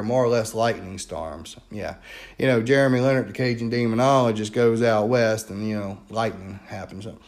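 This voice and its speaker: Chatty man with a Louisiana accent. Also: medium pitch. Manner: chatty and animated, many fillers. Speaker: paranormal investigator. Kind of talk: casual storytelling.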